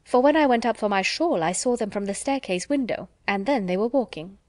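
A woman's voice: medium pitch, lively intonation, brisk, a little mellow, no room sound, natural voice. A fussy, talkative housewife from a period audiobook, as a woman puts her on, chattering through her complaints with a raised, busier voice. The reading is dry and close, with no room sound. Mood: fretful. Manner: chattering, put-upon complaining.

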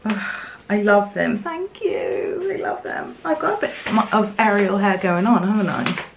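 A young woman from England talks to camera in her home craft studio, gushing and excitable as she opens parcels. She speaks at an unhurried, slow pace, breaking into little laughs. A faint background hiss sits under her voice. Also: mid-range voice, gravelly. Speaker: craft vlogger. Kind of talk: casual unboxing chat to camera.

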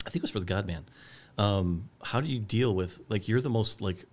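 Halting middle-aged man, low voice. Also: darkish tone. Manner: halting, searching for words, many restarts. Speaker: filmmaker guest. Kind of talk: casual conversation.

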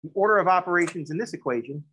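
A man's voice: high-pitched, expressive, very fast, fairly bright tone, husky, rough recording. A man teaching a math lesson in a classroom, moving from step-by-step explanation into chatty, joking stories and acted-out dialogues. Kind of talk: classroom lecture with joking asides.

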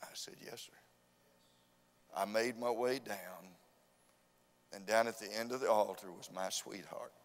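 A man preaching a revival sermon with fervent, repetitive emphasis that rises to loud urging. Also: on the low side, fairly even intonation, moderate pace, slight background noise. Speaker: visiting preacher. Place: church sanctuary. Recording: long church hall reverb.

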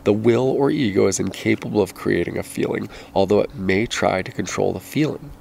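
A man reading a nonfiction book aloud in a measured, deliberate way, stopping now and then to correct himself. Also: lowish voice, gravelly, darkish tone, slight background noise. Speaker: audiobook reader.

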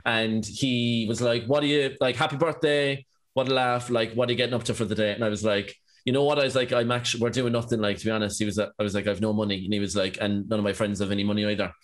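A man's voice: fairly low pitch, steady tone, fast talker. A man in his twenties with an Irish accent, a podcast guest telling a long rambling anecdote full of "like" and "you know what I mean". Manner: rambling, filler-heavy anecdotes with lots of "like". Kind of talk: casual storytelling chat.

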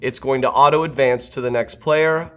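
A man who is a speech-language pathologist gives a scripted product walkthrough, explaining each step in a steady, instructional way. His voice sits at an ordinary middle pitch. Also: moderate pace.

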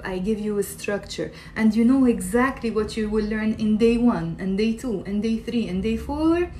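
A woman's voice: medium pitch, a little mellow, slight background noise. A woman teaching an Arabic pronunciation lesson on a live stream, chatting and quizzing viewers as she reads their comments.

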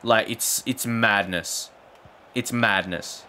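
A man commentating his own football video game session, ranting in frustration with sarcastic asides and sudden excited exclamations. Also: fairly low pitch, slow pace, slight background noise. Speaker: gaming YouTuber. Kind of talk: gameplay commentary.

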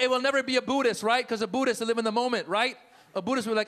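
On a comedy club stage, a middle-aged comic born in Iran does stand-up with crowd work, lively and ready to slip into loud impressions. His voice sits high against a noisy background.

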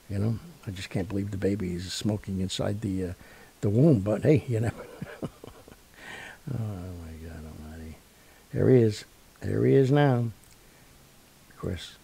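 A man's voice: on the low side, vocal fry, warm tone, husky. A man hosting a radio show, chatting casually in a rambling, joking way. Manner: rambling and jokey, full of fillers and asides. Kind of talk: casual sign-off chat.

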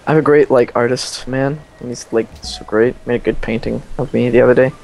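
A man's voice: mid-range voice, steady tone, brisk, vocal fry, a little mellow, slight background noise. A young man hosting a multiplayer strategy game session, rambling and joking in casual banter. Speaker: let's play host.

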